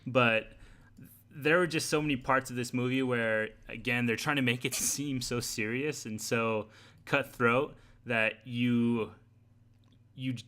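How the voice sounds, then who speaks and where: Bright-voiced man co-hosting a podcast. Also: mid-range voice, steady tone, measured pace. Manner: wry, retells scenes with put-on quotes. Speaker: podcast co-host. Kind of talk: casual chat.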